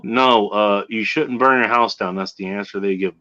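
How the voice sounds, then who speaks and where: Bright-toned sardonic male streamer. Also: lowish voice, moderate pace, highs cut off. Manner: profane, sardonic. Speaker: streamer host. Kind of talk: casual livestream chat.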